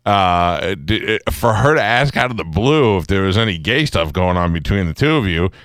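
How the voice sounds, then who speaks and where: A male radio host with a low, smooth voice, joking with a caller in a dry studio sound. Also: animated, normal speed, a bit bright, no room sound. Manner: joking, wisecracking. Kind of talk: casual talk radio.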